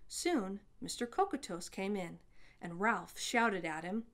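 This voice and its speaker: A woman reading a children's story aloud as storyteller, with an expressive delivery. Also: medium pitch, a little slow.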